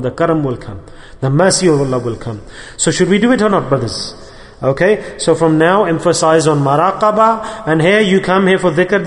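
A high-pitched man preaches a Sufi sermon in a mosque, stressing his points by repeating them and putting questions to the congregation. He sprinkles Arabic and Urdu religious terms through his English. His voice rings out with a long echo off the hall. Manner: emphatic, repeats phrases, asks the audience questions. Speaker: Sufi shaykh preaching on dhikr.

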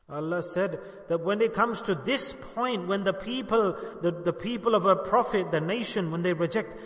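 A man delivers an impassioned sermon. His voice sits high and rises and falls as he acts out the voices of the people he quotes. The sound rings with the long reverb of a large hall. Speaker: preacher.

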